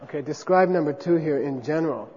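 A man's voice: fairly high pitch, fast talker, darkish tone, a little hiss or hum. Man lecturing in a reverberant hall. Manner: conversational, checks in with frequent 'okay?'. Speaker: teacher. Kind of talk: classroom lecture on Buddhist philosophy. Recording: dull lo-fi sound with long reverb.

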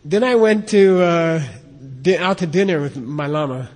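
A man leads a class in a loose, talkative way. His voice sits a bit high and he keeps pausing to ask "okay?" and repeat points. The sound rings with long reverb, as in a large hall. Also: lively intonation, darkish tone. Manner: chatty, repeats "okay?" to check on students. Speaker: teacher of Tibetan and Sanskrit texts. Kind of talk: informal classroom teaching.

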